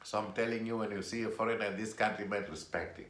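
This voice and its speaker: Deep-voiced man ranting in an echoey room. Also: fast. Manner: animated, repetitive, emphatic. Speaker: vlogger. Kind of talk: casual opinion monologue.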